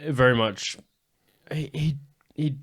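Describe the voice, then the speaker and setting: A man hosting a comedy podcast, joking and relaxed, with casual slang. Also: mid-range voice, slow, husky. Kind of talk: casual chat.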